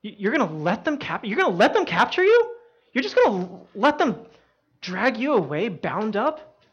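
A woman voicing an impulsive, fiercely loyal male disciple who protests loudly and in a raised pitch, in a dull lo-fi recording. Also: measured pace. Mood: bewildered. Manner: loud, high-pitched protesting. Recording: dull lo-fi sound.

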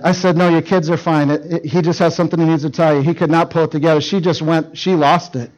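A man's voice: a little high, steady tone, quick pace, poor audio. A middle-aged male pastor preaching to teenagers, telling a story and acting out the dialogue with urgency. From Canada. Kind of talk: sermon to teenagers.

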